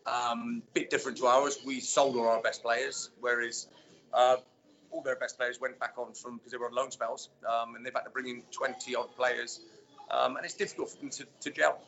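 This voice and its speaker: A man, a former footballer, telling stories in a relaxed interview chat with many fillers. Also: medium pitch, normal speed, vocal fry. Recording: dull lo-fi sound.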